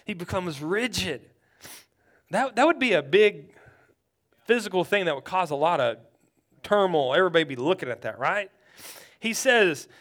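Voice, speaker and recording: Pastor guy preaching, really high voice, gets loud and urgent then goes quiet telling the story, keeps repeating words. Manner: stammers and repeats words while building. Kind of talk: sermon.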